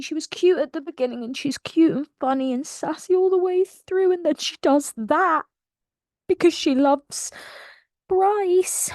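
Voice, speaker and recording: A woman retells a novel's plot in a lively, gushing way, laughing often as she goes. Her voice sits fairly high. The sound is dry and close, with no room echo. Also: a little slow. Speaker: book reviewer. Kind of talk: casual book recap.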